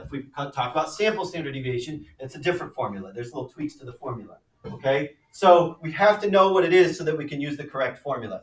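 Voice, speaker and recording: A man teaching a high school math class, lecturing conversationally and often checking in with "right?" and "okay?". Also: a bit bright, distant mic. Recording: echoey classroom, mic from afar.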